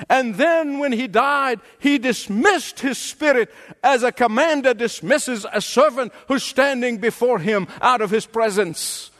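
A male pastor delivers a sermon in a notably high voice, taking his time over every phrase. He is emphatic and builds his points by repeating key lines. His words carry a long reverb, as if spoken in a large church hall. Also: a little slow, fairly bright tone.

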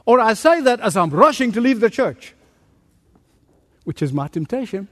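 A man preaching a sermon as pastor, animated, asking rhetorical questions and joking about his own faults. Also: sits high, normal speed. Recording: long reverb of a large hall.

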